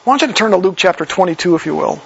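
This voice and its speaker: Man, preacher, sermon, high gravelly voice, conversational, reads and explains verses, dull lo-fi recording. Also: animated, very fast, a little hiss or hum.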